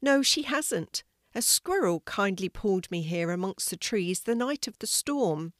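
Older woman doing a little pink teddy bear for a storybook, lifted pitch, soft, sometimes short-tempered. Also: expressive, measured pace, no echo, clean studio sound, lightly acted. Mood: wistful. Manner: soft storybook voice, raised and brighter. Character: lost female pink teddy bear, gentle, easily cross.

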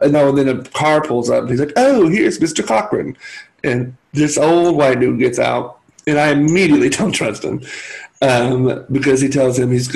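A man's voice: mid-range voice, creaky, low-quality recording. A man co-hosting a podcast, retelling a movie plot in casual chat with wry asides and laughter. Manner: chatty storyteller, wry, laughing. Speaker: podcast co-host.

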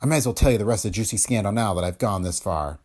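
A man voicing a nervous young actress, breathy and stammering, in an audiobook of a detective story. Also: fairly low pitch, very fast, a little mellow, close to an everyday voice. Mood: rueful. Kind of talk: audiobook character voice.

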